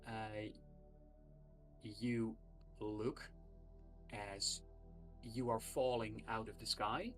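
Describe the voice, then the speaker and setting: Slow, halting game master. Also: mid-range voice, level tone, a bit bright, soft background music. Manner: slow and halting, with many "uh" pauses. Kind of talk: narrating a tabletop game on a livestream.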